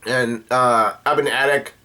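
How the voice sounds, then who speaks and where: A man's voice: medium pitch, fairly even intonation, normal speed, bright, forceful tone. A man casually recapping a manga chapter, with many "uh" fillers and restarts. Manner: rambling, full of "uh" fillers and restarts. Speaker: manga reaction host.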